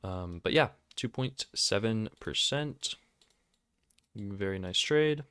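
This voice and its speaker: A man hosting a trading video, talking over his screen in a casual, excitable and sarcastic, self-mocking way. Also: fairly low pitch, slow pace, clear, resonant tone, no echo, clean studio sound. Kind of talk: casual screen-recorded commentary.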